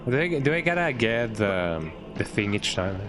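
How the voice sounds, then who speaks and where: A man streaming a game with casual, chatty commentary and a fairly low voice. He often ends his lines with "eh". Game music plays clearly underneath him. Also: very animated, moderate pace. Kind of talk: casual let's-play commentary.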